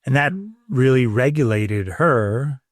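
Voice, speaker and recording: A middle-aged man co-hosting a parenting talk show, explaining calming steps in a calm, explanatory way. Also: mid-range voice, slow, no room sound, clean studio sound. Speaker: podcast co-host. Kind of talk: casual parenting conversation.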